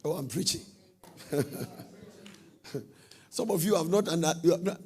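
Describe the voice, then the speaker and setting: A middle-aged man preaching a sermon, swinging from soft, low talk to shouted, sing-song bursts. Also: a little slow, pauses often, breathy edge.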